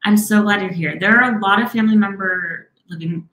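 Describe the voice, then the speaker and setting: A woman therapist answering viewer questions on a live stream, encouraging and reassuring, often speaking quickly and then slowing herself down. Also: mid-range voice, reverberant, rough recording. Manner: warm, encouraging, talks fast and slows herself down.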